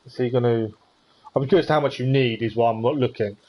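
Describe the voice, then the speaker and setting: A man's voice: medium pitch, fairly quick, darkish tone. A man giving casual commentary on a live gameplay stream, thinking aloud as he plays. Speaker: game streamer.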